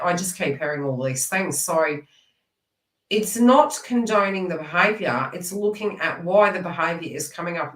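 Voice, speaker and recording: A woman's voice: on the low side, a bit bright, reverberant, far from the mic, low-quality recording. A woman giving a live card reading, speaking earnestly and rambling, and talking straight to viewers by name. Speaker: psychic card reader.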